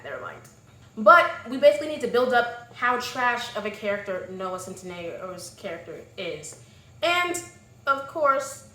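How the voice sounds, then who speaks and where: Woman vlogger, higher voice, animated and sassy, echoey room. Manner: animated, sassy, exclamatory asides. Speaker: vlogger reviewing a movie. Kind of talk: casual sassy commentary.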